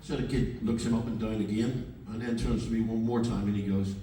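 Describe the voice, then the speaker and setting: On stage at a live music venue, an older musician tells a sweary anecdote between songs, animatedly acting out quoted dialogue in a lowish voice at a slightly fast clip. A fan's camera far from the stage captures it as an echoey, distant audience recording with crowd and room ambience behind him.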